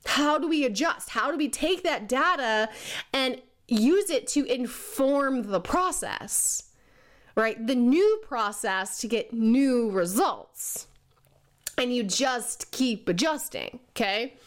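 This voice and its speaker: Leadership coach, woman, casual talk, fairly high voice, laughs a lot, puts on goofy voices now and then. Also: lively intonation, slow. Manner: chatty, laughs often, puts on silly voices for people she mocks; says "okay?" and "right?" a lot.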